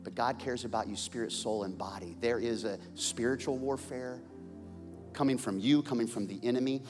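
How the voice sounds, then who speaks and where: A man preaching a sermon as pastor, moving from loud calls to the crowd to hushed, intense passages, in a large church auditorium. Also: medium pitch, normal speed, big-room sound, music in the background.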